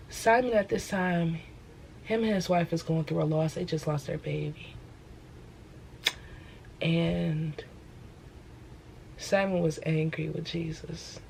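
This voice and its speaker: A young woman preaches about her faith in a casual vlog, pressing her points and repeating them for emphasis. Her voice sits fairly low, and faint room noise hums underneath. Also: vocal fry, darkish tone, poor audio. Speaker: host.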